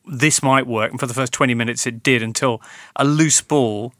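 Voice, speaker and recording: A man hosting a casual football podcast, measured and steering the conversation. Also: medium pitch, fairly even intonation, fairly bright tone, dry recording, studio quality.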